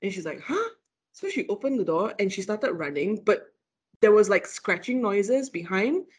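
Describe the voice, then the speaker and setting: A woman with a Malaysian English accent, a lecturer telling a ghost story in casual chat, animated and full of fillers and laughs. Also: mid-range voice, moderate pace, breathy edge. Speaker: lecturer, guest.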